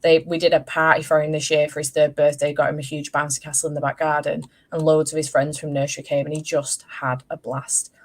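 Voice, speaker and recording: A woman's voice: low-pitched, flat delivery, a little fast, hardly any pauses. A woman, telling stories in a casual chat and swearing freely. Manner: chatty storyteller, swears casually. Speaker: host.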